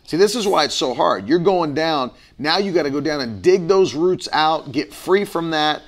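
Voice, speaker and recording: A man co-hosts a relaxed chat with his wife, speaking with intensity and breaking into laughter. His voice sits a little high for a man, and he reads out comments from viewers. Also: normal speed. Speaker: co-host. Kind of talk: casual chat.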